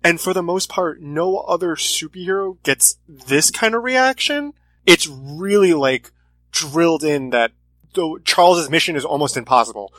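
A man's voice: fairly high pitch, lively intonation, a little slow, fairly bright tone, dry recording. A man in casual chat about comics, earnest and reflective in his views. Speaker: comic podcast co-host.

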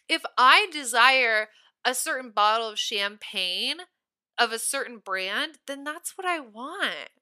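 Brief: woman host, lively storyteller, very bright and smooth, slightly high. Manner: animated, giggly, emphatic. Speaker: podcast host. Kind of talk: casual storytelling monologue.

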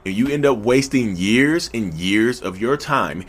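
A man's voice: medium pitch, a little slow. Southern man in a casual monologue. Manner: animated, repetitive, talks to listeners directly. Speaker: podcast host.

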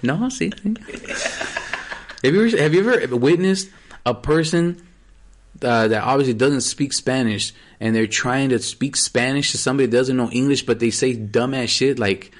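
A man's voice: medium pitch, normal speed. Laid-back young man in casual chat. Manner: relaxed, profane, trying out mock accents.

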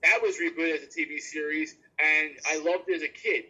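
A man's voice: a little high, fairly even intonation, a little fast, bright, forceful tone, husky, low-quality recording. A man co-hosting a casual chat, enthusiastic, repeating himself and swearing freely.

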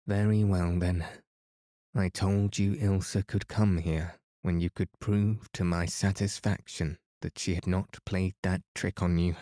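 Self-righteous older aunt, a man reading her, prim, slow and dark. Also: low-pitched, level tone, no room sound, clean studio sound.

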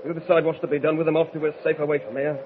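A bullying mutineer, played by a man, barks gruff orders at his crew in a 1940s radio play. His voice is fairly high. Heavy hiss and a muffled, lo-fi sound cover the old recording. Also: level tone, rapid-fire, natural voice. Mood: commanding. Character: menacing Cockney mutineer ringleader, rough sailor. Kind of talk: 1940s radio drama acting. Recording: lo-fi old radio transcription, noisy.

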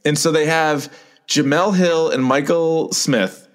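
A man in casual podcast chat, griping about a show and acting out lines in a jumping voice. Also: slow pace. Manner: exasperated, acts out quotes with pitch jumps. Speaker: podcast co-host.

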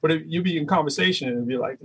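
Boston rapper, quick husky delivery, animated storyteller. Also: male voice, a little high, poor audio. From Massachusetts. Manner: animated storyteller, does voices, laughs often. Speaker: rapper and teacher. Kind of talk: casual interview chat.

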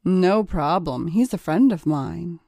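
A woman's voice: lowish voice, expressive, slow, warm tone, no echo, studio quality, heavily acted. A woman reading the part of a friendly, sociable male financier in an erotic audiobook.

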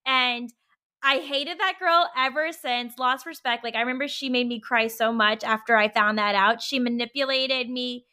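Woman, podcast host, casual chat, high voice, frank and candid. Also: steady tone, moderate pace, sharp tone, clean tone. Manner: candid, frank, heavy use of "like".

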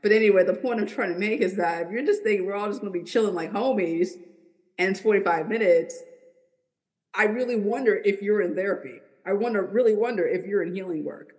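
A man's voice: high-pitched, a little fast, big-room sound. A man hosting a podcast interview, talking casually with sarcastic asides. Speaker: podcast host.

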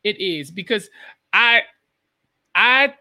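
A podcast co-host talks things through in casual chat, pausing on small fillers as they explain. The voice is bright and forceful at a middle pitch. The sound is dry and close to the mic. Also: lively intonation, no room sound. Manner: thoughtful, explains with filler pauses.

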